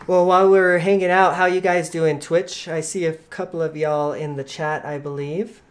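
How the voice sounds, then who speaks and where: A man's voice: a little high, flat delivery, normal speed, smooth. A man hosting a casual gaming podcast from home, loose and chatty and laughing often. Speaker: podcast host. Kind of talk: casual chat.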